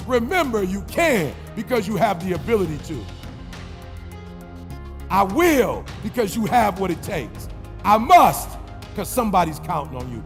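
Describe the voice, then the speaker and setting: A man giving a fiery motivational commencement speech, preacher-like with rhythmic repetition, call-and-response and shouted, half-sung lines. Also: high voice, big pitch swings, measured pace, long reverb tail, faint music behind. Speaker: motivational speaker.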